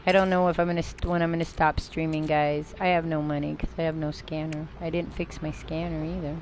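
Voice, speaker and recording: A woman's voice: deep voice, level tone, a little fast, a little mellow, slight background noise. An older woman rambling through live gameplay commentary, chatting to herself and her viewers and swearing now and then. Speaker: game streamer. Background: game music.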